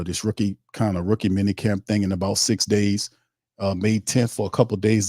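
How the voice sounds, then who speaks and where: A man's voice: low-pitched, a little mellow, dry recording, studio quality. A man hosting a sports livestream, ranting bluntly with slang and profanity and reading viewer comments aloud. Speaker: sports podcast host.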